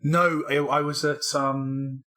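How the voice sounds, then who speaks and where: A man's voice: mid-range voice, little pitch movement, takes it slowly, sharp tone. A man co-hosting a casual podcast, rambling and self-deprecating, with lots of fillers and restarts. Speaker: podcast co-host, game developer. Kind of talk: casual chat.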